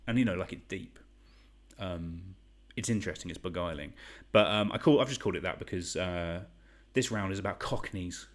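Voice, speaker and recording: A man's voice: deep voice, moderate pace. A man around thirty, hosting a live online quiz in a chatty, rambling, joking way. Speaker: quiz host.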